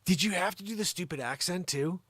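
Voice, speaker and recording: A man with a somewhat high voice hosts an unscripted live comedy stream. He teases his co-host with mock exasperation, jumping between loud bursts and low grumbling. The sound is close and dry, with no room in it. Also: brisk, slightly rough, no room sound. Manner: mock-exasperated teasing, swinging between loud outbursts and mutters. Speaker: host of a daily live variety show. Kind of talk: improvised comedy livestream.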